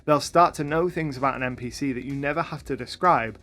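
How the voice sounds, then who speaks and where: A man hosting a tutorial for game masters, talking to camera with upbeat, lively energy. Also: medium pitch, brisk. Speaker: YouTube host and game master.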